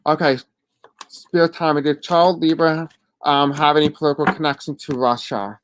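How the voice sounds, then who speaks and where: A host with a deaf accent gives live readings and answers chat questions in a halting, apologetic way with many fillers. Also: medium pitch, steady tone, slight background noise.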